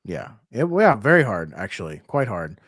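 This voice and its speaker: A man's voice: fairly low pitch, very animated, normal speed, fairly bright tone, husky, no echo, clean studio sound. A man in his thirties co-hosting a podcast, blunt and joking in casual profane chat. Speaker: podcast co-host.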